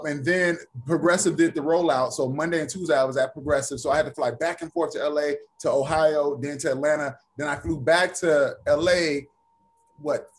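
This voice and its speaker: A man guesting on a talk show who tells his stories with energy. His voice sits a bit on the high side, and he slips into quick little voices for the people he quotes. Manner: animated storyteller, acts out quoted voices. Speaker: actor and author, interview guest. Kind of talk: casual interview chat.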